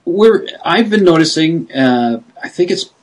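Enthusiastic radio host guy, bit husky, rambly questions, casual chat. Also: on the high side, expressive, a little slow, low-quality recording. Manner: eager and enthusiastic, laughs easily, rambling questions. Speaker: radio show host, interviewer. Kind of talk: casual interview.

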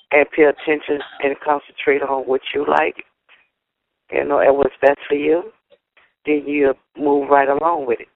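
Gravelly male caller, consoling and folksy, higher voice, thin phone sound. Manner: soothing, calls others baby and honey, folksy slang. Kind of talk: casual chat. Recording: tinny phone line.

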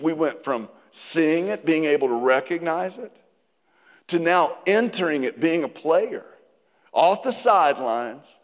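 A man preaches to his congregation, pitched high and growing animated as he asks them questions. His voice carries a long reverb from the church sanctuary around him. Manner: animated preaching, rising to near-shouting on quotes. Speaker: pastor. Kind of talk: sermon. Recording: reverberant hall.

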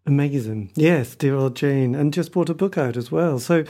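A man's voice: fairly high pitch, normal speed, warm tone. A man interviewing a guest, reacting with enthusiasm and asking hesitant, meandering questions. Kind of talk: casual interview chat.

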